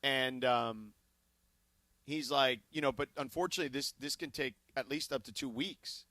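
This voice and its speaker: A man co-hosting a sports talk radio show, telling a story in an animated way and acting out both sides of the conversation. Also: mid-range voice, normal speed, no echo. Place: radio studio. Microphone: studio broadcast mic.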